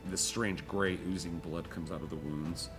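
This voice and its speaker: A man's voice: low voice, steady tone, normal speed, music in the background. A man narrating as game master of a tabletop game, in a loose, easygoing way with lots of "you know".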